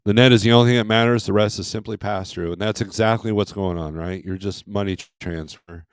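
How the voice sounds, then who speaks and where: A man's voice: fairly low pitch, steady tone, fairly quick, smooth, dry recording, clean studio sound. A man hosting a casual trucking livestream, rambling as he reads load listings aloud and comments on them. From Michigan.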